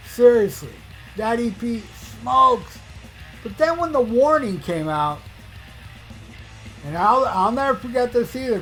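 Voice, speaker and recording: Man, 50s, high-pitched, excited profane rant, podcast host, faint guitar music. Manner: excited, profane, talks in bursts with fillers. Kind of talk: casual opinionated rant.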